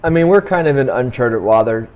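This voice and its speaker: A man's voice: medium pitch, lively intonation, a little fast, darkish tone. A man co-hosting a casual sports podcast, trading dry, joking banter. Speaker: podcast co-host.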